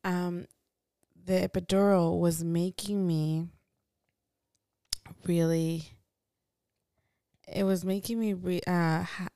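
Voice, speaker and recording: A woman's voice: fairly low pitch, steady tone, slow, long pauses, dark tone, slight background noise. A woman co-hosting a podcast in casual chat, talking in a laid-back, teasing way and swearing casually. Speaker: podcast co-host.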